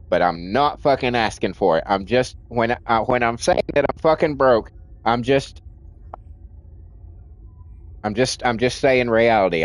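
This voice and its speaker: A man's voice: mid-range voice, dry recording. A man streaming a game, venting in a rambling rant full of restarts and swearing, and in nicotine withdrawal. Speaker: livestream gamer.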